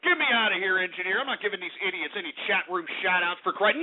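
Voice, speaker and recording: A man's voice: high-pitched, animated, fast talker, few pauses. A man hosting a radio show, ranting angrily, cursing and repeating himself. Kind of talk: angry on-air rant. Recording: tinny phone-like sound.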